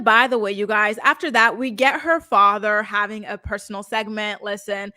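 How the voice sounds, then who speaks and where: A young woman with a mid-range, pushed and bright voice chats into a close mic with no echo, recapping a reality show for her livestream viewers. She's giggly and dramatic in this casual commentary.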